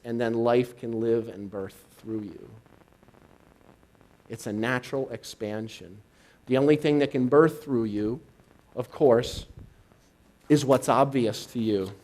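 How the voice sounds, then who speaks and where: A man's voice: mid-range voice, a little mellow, poor audio. Reflective male minister giving a sermon. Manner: teaching, reflective, unhurried. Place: spiritual center congregation, live.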